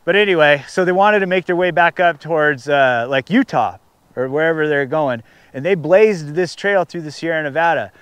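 A man's voice: on the high side, moderate pace, a bit bright, clean tone, no room sound. A man chatting casually for a camping vlog outdoors in the snow, rambling and joking and talking to his dog, recorded on an action camera. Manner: rambling, talks to his dog, jokes to the viewers. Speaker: camping vlogger. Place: outdoors in snow at a camp spot.

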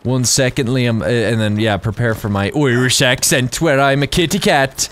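A man giving casual, rambling let's-play commentary while gaming, excitable and quick to laugh. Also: medium pitch, slight background noise. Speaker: gaming YouTuber.

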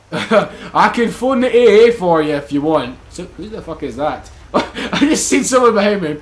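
A man commentates his gameplay in a high, lively voice that leaps all over the place. He is excitable, swears freely and keeps breaking into laughter. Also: measured pace. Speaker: gaming channel host.

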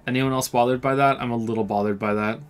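A man streaming a video game, reading its text aloud and joking around in an animated way. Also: medium pitch, fast talker, soft background music. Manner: animated, joking, often laughing.

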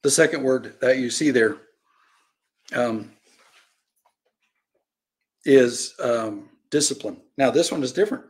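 Animated male preacher teaching Bible lesson. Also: medium pitch, slow, pauses often. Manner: animated storytelling, acts out quoted voices, swings from loud cries to quiet asides.

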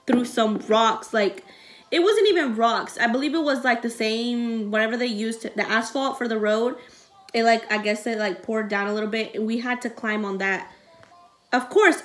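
A young woman talks straight to her audience in a rambling storytime vlog, full of fillers. Her voice sits a bit high, and she sounds close to tears as she recounts events. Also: a bit bright. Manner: rambling and emotional, many fillers. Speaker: vlogger.

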